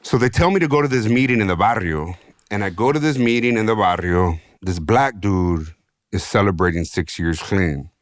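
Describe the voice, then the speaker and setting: A man from San Diego, a podcast guest, telling his own story in an animated, slangy way with free swearing. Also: on the low side, normal speed, no echo, clean studio sound. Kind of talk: casual storytelling.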